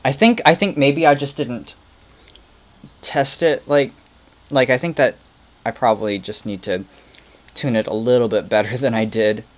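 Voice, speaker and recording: A man's voice: medium pitch, normal speed, pauses often. Man, producer on a livestream, mutters to himself, playful, rambling. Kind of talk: casual thinking aloud while remixing.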